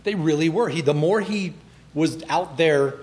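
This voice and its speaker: Animated middle-aged man, high-pitched voice. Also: moderate pace, a little hiss or hum. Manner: animated, acts out quotes with laughter. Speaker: guest. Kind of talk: casual interview chat.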